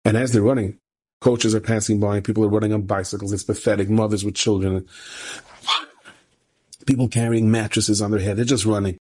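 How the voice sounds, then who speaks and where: Rabbi guy telling a story, kinda breathy raspy voice, lots of repeating, gets animated. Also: brisk. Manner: conversational, repeats phrases for emphasis, rising pitch when animated. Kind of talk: told story with a moral lesson.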